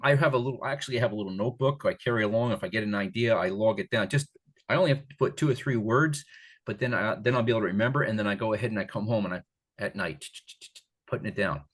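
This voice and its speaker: An older man from the Catskills talking as an author guest in a casual interview, rambling and animated, with many restarts. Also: medium pitch, brisk. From Catskills, New York.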